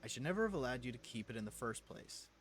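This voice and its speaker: A man's voice: medium pitch, sing-song, fast talker, slight background noise, close to an everyday voice. A man voicing a stern, formal middle-aged mother who scolds her son in a mystery game.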